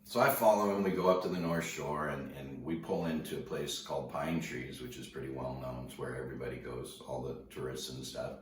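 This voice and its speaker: Deep-voiced man telling a story in an echoey room. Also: steady tone, a little fast, hardly any pauses, a crowd in the background. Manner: laid-back, slangy, lots of "dude" and "bro". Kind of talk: casual personal storytelling. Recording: echoey room, distant mic.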